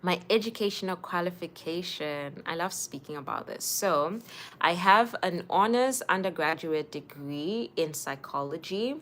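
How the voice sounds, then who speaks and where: A young woman, hosting a casual livestream and chatting warmly with viewers by name. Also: fairly low pitch, animated, a little slow. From Zimbabwe. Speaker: livestream host.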